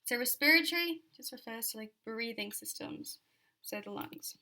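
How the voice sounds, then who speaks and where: Young aussie woman running a revision lecture, lots of um and like, crisp bright voice. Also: on the high side, animated, normal speed. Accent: Australian. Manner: chatty, filler-heavy, repeats key points.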